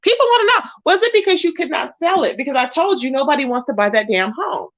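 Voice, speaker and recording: Sassy high-voiced woman dishing gossip. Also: fast, no echo, highs cut off. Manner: sassy, animated, greets chat viewers. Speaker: commentary vlogger. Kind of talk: casual gossip commentary.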